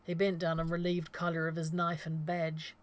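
Casting: lower-voiced woman, steady storybook narrator. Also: normal speed. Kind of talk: reading a story aloud.

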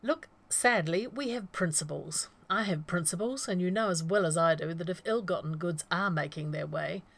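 A woman's voice: on the low side, moderate pace, creaky, hardly any pauses. Woman doing a sarcastic fussy outlaw. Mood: lecturing.

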